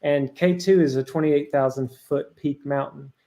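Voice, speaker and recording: A man's voice: fairly high pitch, steady tone, moderate pace, gravelly, warm tone. A man in his thirties, a guest on a talk stream, telling earnest, rambling anecdotes with lots of fillers. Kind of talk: casual storytelling on a talk stream.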